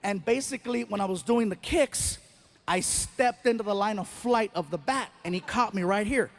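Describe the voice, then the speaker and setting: A man doing stand-up comedy, telling a story in an animated way and acting out the voices of the people in it. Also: sits high, normal speed.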